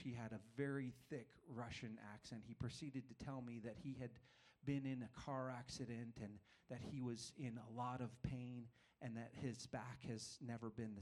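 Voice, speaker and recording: A man's voice: medium pitch, a little mellow. A man preaching a sermon, telling a personal story in a self-deprecating way, with frequent restarts. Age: adult father of young children.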